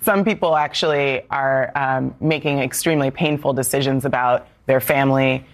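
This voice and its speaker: A woman's voice: rumbling low, fairly even intonation, moderate pace. A female co-host talking earnestly and indignantly on a political show. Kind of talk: political talk show discussion.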